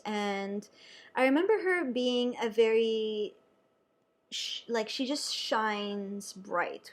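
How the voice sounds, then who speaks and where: A young adult woman, a nurse, telling a personal story to camera in a chatty, animated way with lots of fillers. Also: fairly high pitch.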